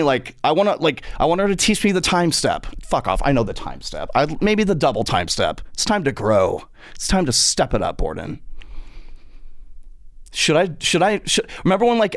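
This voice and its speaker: A man's voice: dry recording, studio quality. A man hosting a podcast, telling a funny story as a monologue and acting out the people in it. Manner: animated, acts out quotes in a high voice. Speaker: podcast host.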